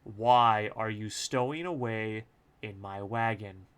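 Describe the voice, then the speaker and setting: Male author-streamer, slow delivery, bright voice, casual and crude. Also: fairly low pitch, clear, resonant tone. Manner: casual and crude, joking asides. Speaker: author reading his own book. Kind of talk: live-streamed audiobook reading.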